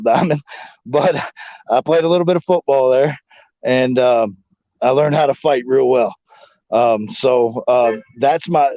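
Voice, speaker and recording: A man's voice: medium pitch, a little mellow, no echo. A man telling stories in a casual interview, rambling and profane, full of fillers like "you know what I'm saying". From United States. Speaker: interview guest, former wrestler and Marine. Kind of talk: casual storytelling shoot interview. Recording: dull dry lo-fi audio.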